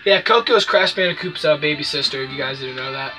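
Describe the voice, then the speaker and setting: A gamer giving casual, profane gameplay commentary, yelping and shouting whenever the game goes wrong. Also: medium pitch, quick pace. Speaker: let's play gamer. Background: game music.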